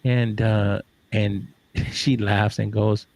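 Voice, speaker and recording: A man's voice: on the low side, level tone, slow, creaky, darkish tone, no room sound. A middle-aged man in a casual online audio chat, telling a rambling, joking story full of fillers and trailing asides. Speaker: social audio room participant.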